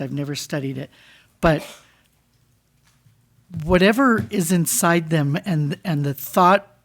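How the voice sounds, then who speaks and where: A woman speaking as a school board member at a public meeting, earnest and impassioned, often restarting her sentences and asking rhetorical questions. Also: lowish voice. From United States.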